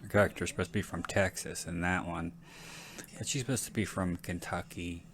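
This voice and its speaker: Male podcast host, deep voice, rambling frank film commentary, casual swearing. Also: fairly even intonation, a little fast, fairly bright tone.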